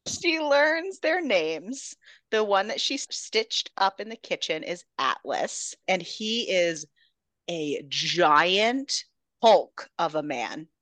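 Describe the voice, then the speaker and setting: A woman podcast host retelling a book in a casual, animated way, dropping into character voices. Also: on the low side, takes it slowly, dry recording. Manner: animated storytelling, jumps into characters.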